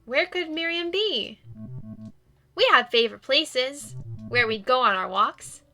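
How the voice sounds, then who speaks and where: A woman voicing a cheerful, sweet male ghost dog as she reads a game's dialogue aloud in a bouncy, excitable, earnest way. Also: sits high, unhurried, faint music behind, pitched above the performer's own voice, heavily acted. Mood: eager. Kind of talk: reading game dialogue aloud.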